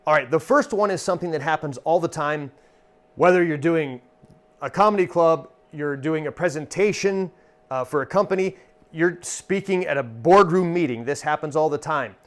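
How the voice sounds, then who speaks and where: A stage entertainer and magician giving an instructional talk in a relaxed, conversational way, acting out comic one-liners as examples. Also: male voice, on the high side, normal speed.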